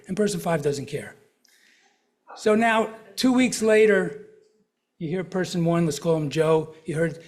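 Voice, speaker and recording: Middle-aged male counselor, slightly higher voice, chatty lecture style, talks to the crowd in front of him. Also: measured pace, pauses often. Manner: conversational, asks the audience questions and uses examples. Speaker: counselor giving a health talk. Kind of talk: live lecture to an audience. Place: lecture room before a live audience.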